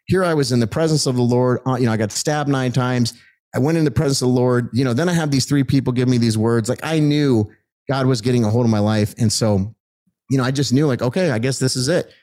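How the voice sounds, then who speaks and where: A middle-aged man telling his life story as a guest in an animated, excited way, acting out the people he met. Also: mid-range voice, fast.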